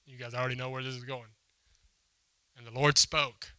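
A man preaching to a congregation, retelling a story and voicing its lines with conversational emphasis. His voice is strikingly bright and forceful. The sound is close and dry, with little room echo. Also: mid-range voice, flat delivery, normal speed, clean tone. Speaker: pastor. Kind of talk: sermon. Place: church hall before a congregation.

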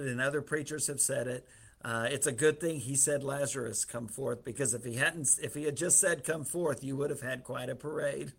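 Folksy male preacher with gravelly tone. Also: mid-range voice, a bit bright. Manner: conversational, folksy, with light humor. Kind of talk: sermon on scripture.

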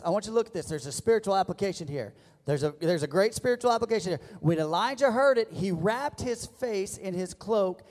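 A man preaching a sermon as pastor, leading the congregation in call-and-response and building to loud emphatic peaks. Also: high-pitched. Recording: long church reverb.

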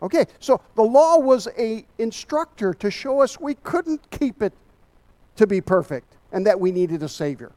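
High-voiced man teaching scripture. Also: sing-song, normal speed, darkish tone. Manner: emphatic, asks the group rhetorical questions. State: a little out of breath. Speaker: Bible study teacher. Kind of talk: Bible teaching sermon.

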